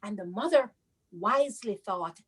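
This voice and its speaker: A woman with a Caribbean accent telling a children's story, animated and sing-song, stopping to explain local words. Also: medium pitch, a little slow, slightly rough, rough recording.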